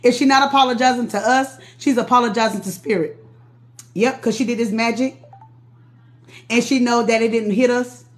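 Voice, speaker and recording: A woman's voice: a little high, steady tone, normal speed, pauses often. A woman runs a casual live-stream tarot reading. She talks to her viewers directly, chatty and easygoing, and laughs often. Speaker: tarot reader.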